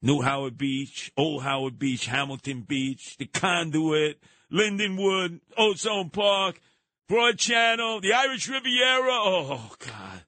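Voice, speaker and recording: An older man, hosting a radio talk show and telling lively stories from his youth, with occasional shouting. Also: on the high side, takes it slowly, dry recording. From New York. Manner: animated, colorful storytelling with bursts of shouting. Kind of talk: storytelling monologue.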